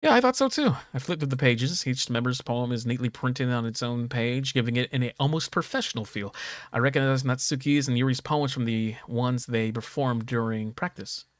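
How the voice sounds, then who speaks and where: Excitable, cursing male game streamer. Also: mid-range voice, moderate pace, no room sound, studio quality. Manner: excitable, profane outbursts between readings. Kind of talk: game playthrough, reading dialogue aloud.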